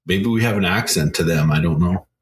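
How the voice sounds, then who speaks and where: A man's voice: sits low, fairly quick, a little hiss or hum. A Canadian man co-hosting a podcast, talking in a laid-back, casual way and swearing now and then. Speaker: podcast co-host. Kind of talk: casual chat.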